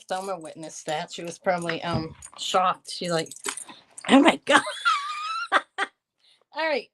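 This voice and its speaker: A woman in her fifties runs a live jewelry sale in a loose, rambling way. She drifts between describing necklaces and chatting with her viewers, thanking them as she goes. Her pitch sits in an ordinary middle range. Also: a bit bright. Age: 50s. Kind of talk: casual live-stream sales chat.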